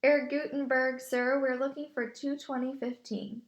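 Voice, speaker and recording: A woman voicing a practical, steady boy teammate. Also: very high-pitched, normal speed, pitched above the performer's own voice. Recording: echoey room.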